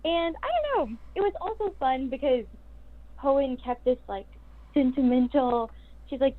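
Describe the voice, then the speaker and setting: A voice actress guest talking excitedly and upbeat in a casual chat. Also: female voice, on the high side, moderate pace, narrow, tinny audio.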